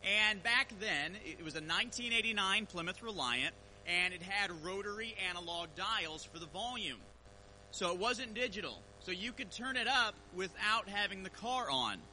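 A man preaching a sermon, telling a personal story in a relaxed, conversational way before reading scripture aloud. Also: sits high, moderate pace, a little hiss or hum, rough recording. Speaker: pastor.

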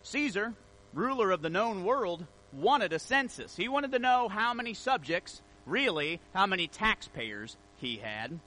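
Bright, high-voiced male pastor. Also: big pitch swings, measured pace, poor audio. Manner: storytelling, conversational with scripture reading. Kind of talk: sermon.

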